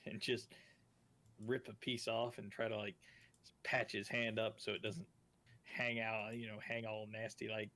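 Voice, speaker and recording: A somewhat low man with a gravelly, bright edge talks through his moves in a tabletop game. He rambles playfully, full of likes and uhs. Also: little pitch movement. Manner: rambling, playful, slips into quick in-character lines. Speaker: player. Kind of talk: casual tabletop game play.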